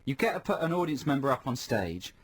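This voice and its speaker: A man co-hosting a radio show, chatty and explanatory, quick to laugh. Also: medium pitch, sing-song, breathy edge. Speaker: radio co-host. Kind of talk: casual radio chat. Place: radio studio. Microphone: studio microphone.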